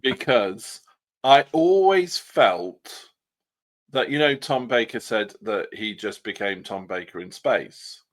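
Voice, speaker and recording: A man's voice: fairly low pitch, lively intonation, slow pace. A man co-hosting a casual podcast chat, opinionated and wry, sometimes mimicking other people's voices. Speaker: podcast co-host.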